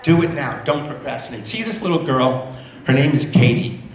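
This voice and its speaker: A guest speaker in his sixties tells motivational stories at a school assembly, stressing key phrases by repeating them. He has a medium pitch with lively intonation and a moderate pace. The hall sounds roomy, with faint ambience and a little hiss or hum.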